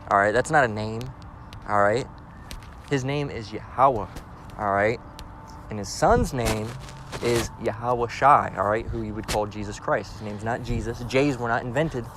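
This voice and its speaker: Male preacher-teacher, mid-pitched, punchy and profane, keeps asking "all right?", over clear street and traffic noise. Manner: emphatic, repeats "all right?", blunt and profane. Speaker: religious teacher. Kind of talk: informal scripture lesson.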